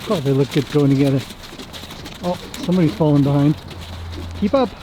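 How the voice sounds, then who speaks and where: A man's voice: a little high, steady tone, quick pace, background noise. A man, a horse trainer, chatting casually as he works his horses outdoors and talks fondly to them. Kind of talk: casual commentary while working horses.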